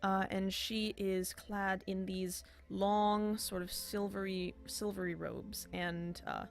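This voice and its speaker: Halting woman game master. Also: medium pitch, flat delivery, creaky. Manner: halting, many fillers and restarts. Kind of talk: narrating a tabletop game.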